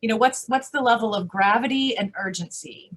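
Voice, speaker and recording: A woman conference speaker answering audience questions, animated and emphatic, with rhetorical questions and frequent restarts. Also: on the high side, brisk. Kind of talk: live Q&A answers.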